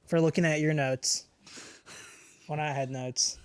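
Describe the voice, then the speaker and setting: A man's voice: fairly high pitch, steady tone, a little slow, clear, resonant tone. A man on a podcast panel, needling and complaining to a friend. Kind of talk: casual podcast banter.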